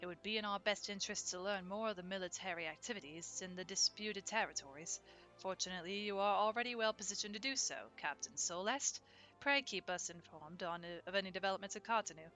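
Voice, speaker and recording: A woman's voice: medium pitch, fast talker, pushed and bright, faint music behind, natural voice. A woman voicing a stiff, formal young nobleman in a game, with old-fashioned phrasing. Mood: troubled.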